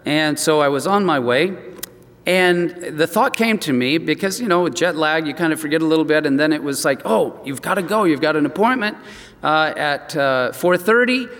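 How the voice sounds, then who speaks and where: A man's voice: a little high, lively intonation, normal speed, fairly bright tone. A man preaching a sermon as pastor, telling a personal story in an earnest way with frequent restarts. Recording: long reverb from a hall.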